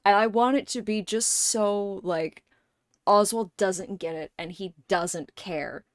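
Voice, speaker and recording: A woman's voice: medium pitch, takes it slowly, no echo, studio quality. A woman live streamer in casual chat, thinking aloud at length and swearing offhandedly.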